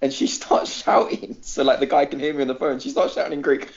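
Speaking in a mid-range voice, fairly quickly and with hardly any pauses, another podcast co-host recounts a funny story over dull audio. He's animated, performs the quoted voices, and laughs often.

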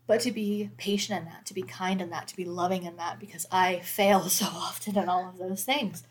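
A woman's voice: fairly low pitch, fairly even intonation, fairly quick, hardly any pauses. A woman in her thirties, a mother of four, talking candidly and reflectively in a casual faith conversation, with many fillers.

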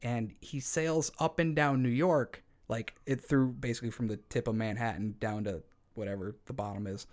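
A man's voice: mid-range voice, fairly even intonation, normal speed, a little mellow. A man co-hosting a podcast, retelling a story in a casual, irreverent way with wry asides. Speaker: podcast co-host.

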